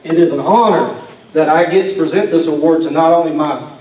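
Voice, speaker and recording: A police chief reads a prepared award tribute in a halting, emotional voice that sits fairly high, clearing his throat now and then. He is far from the mic in an echoey hall, with a faint murmur of room noise behind him. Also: darkish tone. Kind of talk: reading a prepared award speech.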